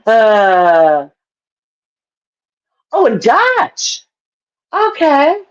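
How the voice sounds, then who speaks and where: A woman's voice: lowish voice, very animated, slow, long pauses, lo-fi sound. A woman hosting a livestream, chatting casually with her viewers, laughing often as she answers their comments. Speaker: livestream host.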